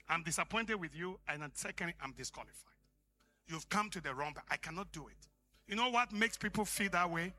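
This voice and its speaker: A man preaching a sermon, swinging from shouted peaks to hushed, whispered lines. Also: fairly high pitch.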